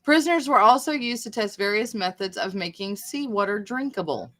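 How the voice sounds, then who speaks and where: A woman co-hosting a casual live stream, chatting and reading aloud, quick to exclaim. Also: mid-range voice, lively intonation, bright, forceful tone. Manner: chatty, reacts with laughs and exclamations. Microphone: video call.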